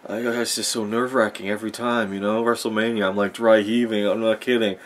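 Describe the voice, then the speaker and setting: A man's voice: lowish voice, level tone, quick pace, natural voice. A man mimicking a big male wrestler who gushes about his nerves, in a mocking tone.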